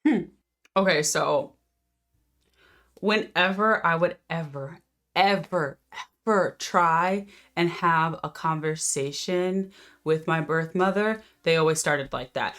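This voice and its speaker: A woman's voice: low voice, slow, a bit bright. A woman host and life coach telling a personal story to camera in an earnest, conversational way, often restarting her sentences.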